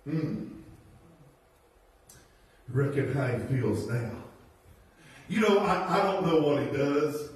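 A man's voice: on the high side, expressive, slow, pauses often. A man preaching a sermon as pastor, folksy and given to laughing asides and rhetorical questions. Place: church sanctuary. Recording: very echoey church from far off.

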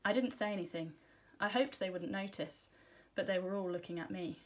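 Briskly reading a children's storybook aloud, this woman teacher gives a gentle, expressive first-person narration. Her pitch sits at an ordinary middle level.

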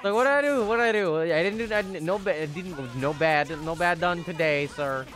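Young guy streaming a game, kinda high voice, swears a lot and yells at the screen. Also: brisk, soft background music. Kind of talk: live gameplay commentary.

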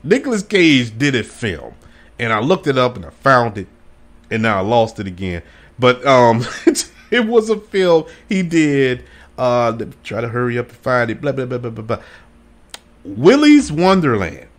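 A man's voice: medium pitch, big pitch swings, unhurried. A man hosting a solo podcast, rambling and enthusiastic, laughing often as he talks. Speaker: podcast host. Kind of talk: casual solo podcast chat.

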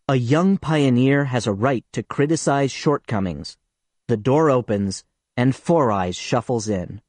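Lively, earnest male audiobook narrator. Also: mid-range voice, slightly rough, dry recording. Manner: earnest, reads as a schoolboy telling his story. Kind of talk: first-person audiobook narration.

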